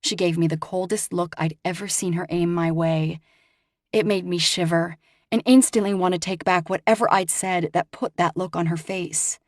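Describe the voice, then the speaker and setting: A woman narrating a first-person romance audiobook with expressive, rising emphasis. Her voice sits on the lower side, recorded close and dry with no room sound. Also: normal speed, no echo.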